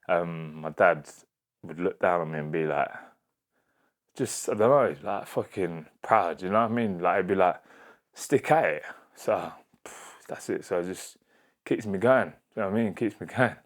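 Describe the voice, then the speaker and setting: Low-voiced young boxer, slangy. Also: male voice, normal speed. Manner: slangy, rambling, swears freely. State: emotional, near tears. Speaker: professional boxer, podcast guest. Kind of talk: casual chat.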